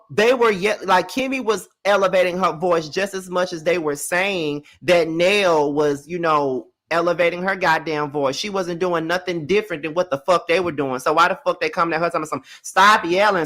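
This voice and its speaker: A man's voice: a little high, sharp tone. A man hosting a live review of a reality TV episode, ranting heatedly and swearing freely. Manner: profane, heated ranting commentary. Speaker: reality TV recap host.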